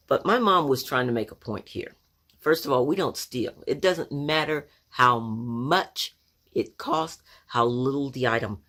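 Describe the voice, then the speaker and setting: A woman in her sixties from Oklahoma telling a childhood story in a conversational, reflective way, full of asides. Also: extremely low pitch. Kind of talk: personal storytelling to camera.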